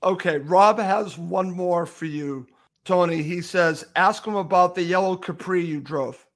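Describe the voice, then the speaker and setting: High-voiced friendly male podcast host. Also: unhurried, fairly bright tone. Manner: friendly, reads out listener questions. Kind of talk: interview questions.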